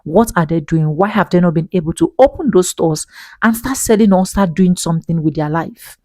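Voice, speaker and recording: Woman, indignant vlog commentary, low mellow voice, dry close sound. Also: normal speed, dry recording. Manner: indignant, emphatic, rhetorical questions. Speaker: vlogger commentator. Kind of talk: opinionated commentary monologue.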